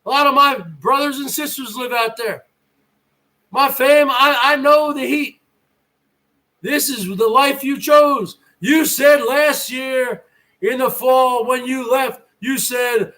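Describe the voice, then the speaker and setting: A middle-aged man from northern New Jersey, ranting loudly and mockingly in a profane vlog monologue. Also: very high voice, takes it slowly. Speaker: vlogger.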